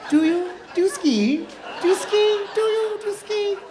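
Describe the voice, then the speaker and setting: A man's voice: very high voice, unhurried, a crowd in the background, noisy background, pitched above the performer's own voice. A man putting on a braying posh skier. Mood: smug. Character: posh pretentious man asking about skiing. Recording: comedy club with audience laughter.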